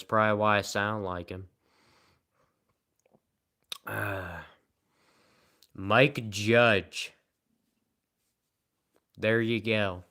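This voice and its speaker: A man with a Southern American accent, chatting casually on a livestream and answering comments in a rambling, deadpan, self-mocking way. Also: on the low side, very slow, long pauses. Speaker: live streamer.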